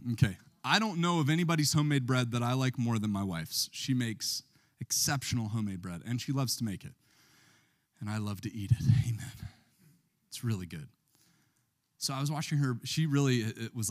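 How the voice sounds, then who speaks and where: A man preaching a sermon to a small church, asking the room questions and building up to shouted passages. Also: medium pitch. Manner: call-and-response preaching, rising to shouts. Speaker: pastor.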